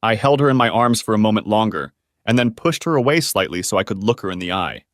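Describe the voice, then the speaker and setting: A man's voice: on the low side, animated, quick pace, no echo, studio quality. A man narrating a first-person relationship story, speaking in an earnest, confrontational storytelling manner.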